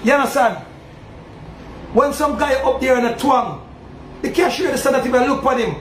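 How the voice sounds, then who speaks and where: In an extremely high-pitched voice at normal speed, a man with a Jamaican accent preaches forcefully, presenting himself as a Maroon chief. Over and over he asks whether his listeners understand. The monologue carries a roomy echo with faint background noise.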